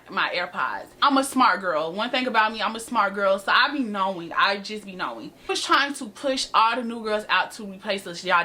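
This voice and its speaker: Sassy eighteen-year-old woman telling a story. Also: mid-range voice. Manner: animated, sassy, addresses viewers as y'all. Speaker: vlogger. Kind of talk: storytime vlog.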